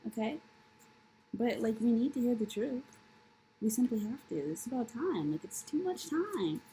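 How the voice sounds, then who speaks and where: A woman's voice: fairly high pitch, dark tone, slight background noise, poor audio. Blunt, profane woman tarot reader. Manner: blunt, profane tough-love preaching; repetitive, emphatic, rhetorical questions. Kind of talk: casual tarot reading monologue.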